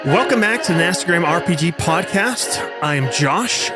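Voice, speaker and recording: A man's voice: on the high side, expressive, normal speed, loud music behind the voice. A man hosting and running a tabletop game as game master, chatting casually and rambling a bit. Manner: rambling, joking. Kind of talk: casual chat.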